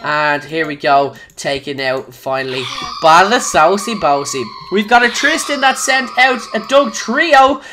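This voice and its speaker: A young Irish man giving excitable live commentary on his own gameplay, swinging between quiet muttering and loud shouts. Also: high-pitched, measured pace, few pauses, background noise. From Ireland. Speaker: gaming YouTuber.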